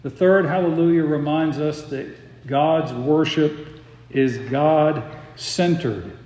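Guy preaching slow and emphatic in a church, lots of echo, kinda far off mic. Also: on the high side, a little mellow. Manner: measured, emphatic preaching with slowed stressed phrases. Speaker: pastor. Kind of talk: expository sermon.

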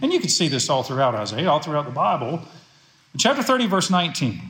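A man's voice: a little high, wildly swooping pitch, fast, a bit bright, slight background noise. A man preaching a sermon as pastor, emphatic and repeating phrases for stress. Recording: echoey room.

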